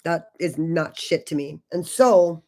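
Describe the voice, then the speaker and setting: A woman's voice: low voice, unhurried, warm tone. Profane chatty woman beauty streamer. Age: 40s. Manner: loose and profane, chatty with viewers. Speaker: beauty channel host. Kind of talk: casual livestream chat.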